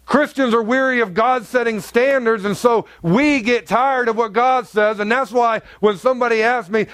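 A male pastor preaching a sermon, emphatic, his voice swinging between high loud peaks and low quiet stretches. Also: normal speed, hardly any pauses, no echo. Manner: emphatic preaching with wide swings in pitch and volume.

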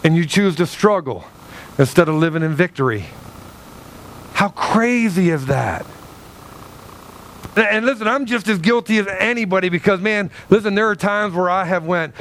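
A male pastor preaching a sermon in an animated way, acting out little dialogues with God. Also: sits high, moderate pace, slight background noise.

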